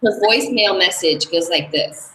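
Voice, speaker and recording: A woman's voice: lowish voice, lively intonation, normal speed, fairly bright tone. A woman in her thirties co-hosting a casual podcast chat, a chatty storyteller. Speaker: co-host. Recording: echoey room, faint noise.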